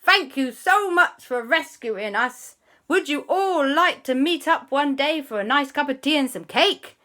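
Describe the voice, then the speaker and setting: A woman voicing a jolly, hearty male sea captain in a children's story, greeting with drawn-out sailor talk. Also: high voice, lively intonation, bright, forceful tone, pitched above the performer's own voice, heavily acted. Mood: cheerful.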